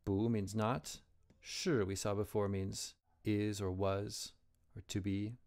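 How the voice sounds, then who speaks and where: A man teaching Chinese characters, explaining strokes and tones slowly and carefully. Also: fairly low pitch, flat delivery, a little mellow. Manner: slow, careful modeling of pronunciation.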